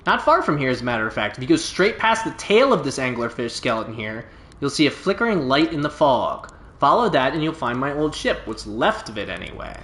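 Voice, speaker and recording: A man's voice: mid-range voice, big pitch swings, brisk, fairly bright tone. A man voicing a boastful, laid-back stranded alien pilot from a video game, telling his tale in a folksy, drawling way. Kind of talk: reading game dialogue aloud. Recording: roomy echo.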